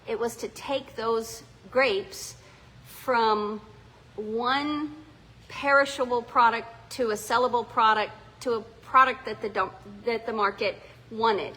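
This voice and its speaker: Middle-aged South African woman, winery owner, chatty storyteller, bright voice. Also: fairly high pitch, fairly even intonation, takes it slowly, low-quality recording. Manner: chatty, rambling, with frequent ums and restarts. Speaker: winery and distillery owner giving a tour. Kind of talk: casual storytelling to visitors. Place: inside a small distillery.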